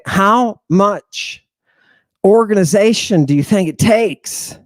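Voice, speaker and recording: A man's voice: a little high, darkish tone, dry recording. Irreverent joking male lecturer. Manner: irreverent, joking, talks over himself and restarts. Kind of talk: casual livestream lecture.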